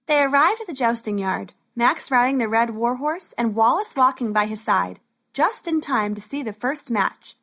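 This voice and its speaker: A woman narrating a storybook in a steady, even way. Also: fairly high pitch.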